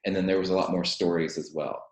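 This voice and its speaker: A man's voice: deep voice, steady tone, fast. A male teacher co-hosting a casual book chat from his office, rambling along with lots of fillers and self-corrections. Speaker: podcast co-host and teacher. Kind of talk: casual chat about books. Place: his office, echoing room. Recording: echoey office room.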